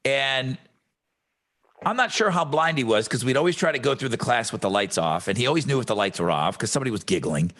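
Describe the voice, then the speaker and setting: A man's voice: medium pitch, expressive, quick pace, a bit bright. A man co-hosting a podcast, telling stories in a laid-back, wry casual chat. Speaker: podcast co-host.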